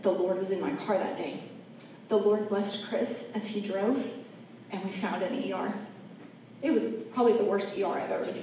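A woman giving an earnest, heartfelt faith testimony, talking straight to her audience. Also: medium pitch. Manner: earnest heartfelt storytelling, addresses audience directly. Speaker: speaker sharing a personal testimony. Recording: echoey room, mic at a distance, faint background noise.

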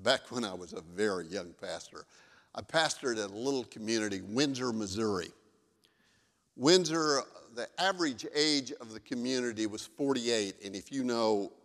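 A man's voice: mid-range voice, fairly bright tone, long reverb tail. A male pastor giving a sermon in a conversational, storytelling way.

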